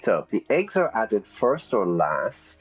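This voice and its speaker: Male English teacher, lowish voice, chatty and explanatory; slightly dull recording with faint music. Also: takes it slowly, slightly rough. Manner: lively, explains aloud, thinks out loud. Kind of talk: live-stream lesson while playing a game.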